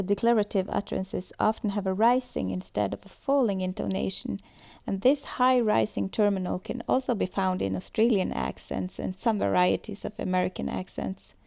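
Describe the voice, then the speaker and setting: Brief female presenter, measured explainer, touch of vocal fry. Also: mid-range voice, dark tone. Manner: measured, explanatory, reading from notes. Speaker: student presenter. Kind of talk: scripted lesson presentation.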